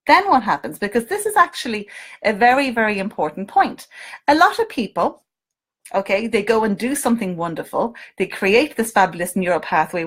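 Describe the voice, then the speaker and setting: Irish woman, coach doing a live stream, fairly high voice, lively and coaxing, keeps asking viewers questions. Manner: animated, coaxing, asks viewers questions, frequent "okay?". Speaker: coach and hypnotist.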